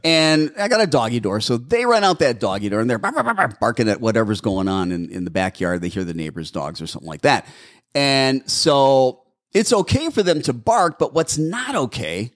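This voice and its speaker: A man's voice: mid-range voice, very animated, moderate pace. A middle-aged man co-hosting a casual talk on dog training, acting out owners and dogs with big jumps in his voice. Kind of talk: casual podcast chat.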